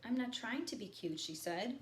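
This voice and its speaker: A woman teacher reading a novel aloud to her students, stopping for quiet teaching asides. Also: fairly high pitch, expressive, normal speed. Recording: echoey room with faint background noise.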